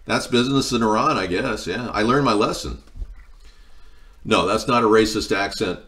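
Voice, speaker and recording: A man's voice: fairly low pitch, normal speed, fairly bright tone. A man hosting a casual livestream, chatting while he cooks, wandering off into long stories and answering viewers' comments. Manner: rambling, meandering storytelling, answering chat. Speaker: livestream host. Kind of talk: casual live-stream chat while cooking.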